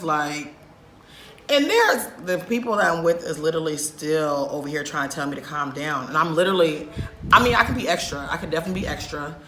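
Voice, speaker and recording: A woman vlogger telling a story in an animated, emphatic way, swearing often. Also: sits low, a little fast, roomy sound, slight background noise. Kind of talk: storytime vlog.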